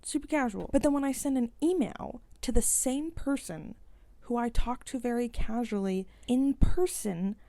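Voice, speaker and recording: A young woman vents in a casual vlog, trailing into rhetorical questions and filler words. Her voice sits a little high yet mellow and relaxed. The sound is dry and close, with no room behind it. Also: moderate pace, no echo. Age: young adult. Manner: rambling, frequent "like", exasperated rhetorical questions. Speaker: vlogger. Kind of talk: casual vent to camera.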